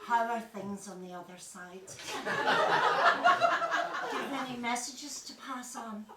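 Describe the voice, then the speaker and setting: A woman acting a bustling, excitable woman on the phone in a live stage comedy, with exclaiming, theatrical delivery. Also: a little high, unhurried, close to an everyday voice. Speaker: amateur stage actor. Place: stage in a hall. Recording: echoey hall from far off, with loud hiss.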